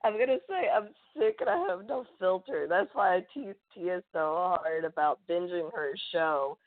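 Woman rambling about movies, lowish voice, tinny dry line. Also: normal speed, no echo. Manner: animated, rambling, jokey. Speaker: podcast co-host. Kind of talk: casual chat.

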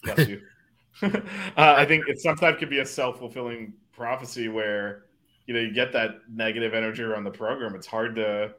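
A man's voice: mid-range voice, steady tone, a little fast, pushed and bright. A man co-hosting a sports podcast, easygoing and laughing between points in casual chat. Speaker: podcast co-host.

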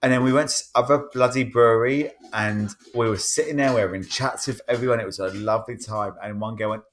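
A man's voice: medium pitch, a little fast, slight background noise. A man in casual podcast chat, telling a rambling anecdote and acting out the quotes. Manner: rambling storyteller, animated retelling with quoted voices. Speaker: podcast panelist.

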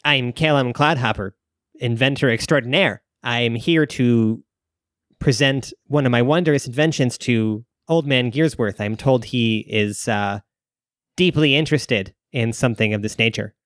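A man's voice: mid-range voice, unhurried, a bit bright, no room sound, studio quality, natural voice. A man voicing a boastful human inventor who introduces himself in a grandiose, theatrical way.

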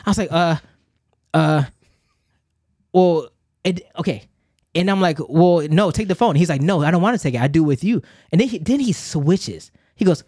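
Animated storytelling man, fairly high voice. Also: fairly quick, no room sound, studio quality. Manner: animated, acts out both sides of conversations, laughs often. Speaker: podcast co-host. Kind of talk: casual storytelling chat.

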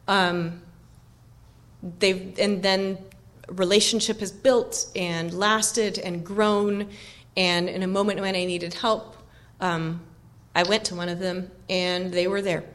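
A woman's voice: mid-range voice, slow. A woman giving a keynote talk, speaking reflectively with many ums and restarts.

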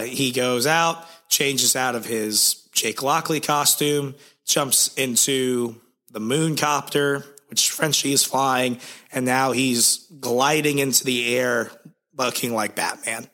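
Bright-voiced man, slightly hoarse. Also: mid-range voice. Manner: laid-back, sarcastic, swears casually. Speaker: podcast co-host recapping comics. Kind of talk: casual chat.

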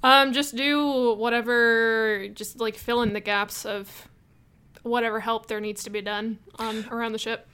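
A woman's voice: on the high side, steady tone, unhurried, bright, forceful tone, clear, resonant tone. Hesitant woman player in a tabletop game. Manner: hesitant, many um fillers.

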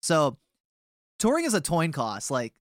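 A young man from a touring band, appearing as a guest, chats casually with a slightly high voice, huge pitch swings and an unhurried pace. He rambles through a story full of filler words and restarts, recorded in clean studio sound with no echo.

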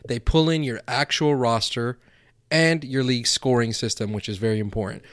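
A male podcast host talking casually and with energy. He hits key words loudly. His voice is mid-pitched and recorded dry and close. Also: fairly even intonation, normal speed, dry recording. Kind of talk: casual podcast chat and ad read.

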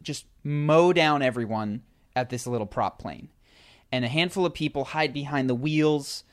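A man with a middle-pitched voice telling a story in relaxed conversation. He talks animatedly, stumbling and restarting as he goes, with plenty of fillers. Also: normal speed. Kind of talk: casual storytelling chat.

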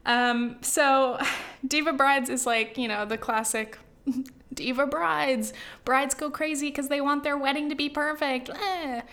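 A woman's voice: sits high, steady tone, measured pace, fairly bright tone. A young woman from the US West Coast chatting casually on her vlog, rambling and filling her talk with "like" and "you know". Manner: rambling, full of "like" and "you know", with sighs and laughs. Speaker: vlogger.

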